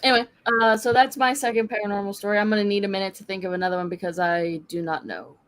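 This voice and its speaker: A woman's voice: mid-range voice, steady tone, fast, fairly bright tone. A woman co-hosting a podcast, chatting casually in a blunt, joking way. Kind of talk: casual chat.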